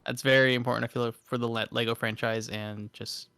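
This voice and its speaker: A man's voice: medium pitch, little pitch movement, fairly quick, sharp tone, smooth. A young man co-hosting a gaming podcast, hesitant and thoughtful, often restarting his sentences. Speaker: podcast co-host. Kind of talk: casual gaming chat.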